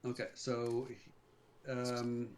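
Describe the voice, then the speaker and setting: Slow-talking male game master. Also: medium pitch, monotone, a little mellow. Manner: measured, descriptive with fillers. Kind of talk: narrating a tabletop game. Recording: music playing clearly behind.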